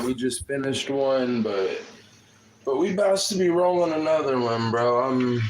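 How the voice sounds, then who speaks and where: A man hosting a casual livestream talks in slangy, profane chat and calls everyone "bro." His voice is medium in pitch, and the room sounds echoey with a noisy background.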